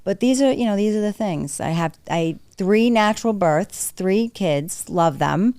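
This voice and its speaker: A woman in her forties, a podcast guest, talking frankly and chattily in quick bursts. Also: mid-range voice, expressive, darkish tone, no echo. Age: 40s. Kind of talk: candid casual conversation.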